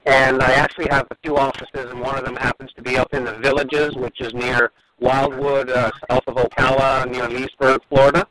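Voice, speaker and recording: A man's voice: mid-range voice, little pitch movement, fairly quick, hardly any pauses, over a noisy crowd, rough recording. A male dermatologist guest on a radio show, earnestly recounting events and repeating words as he goes. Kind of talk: phone-in storytelling.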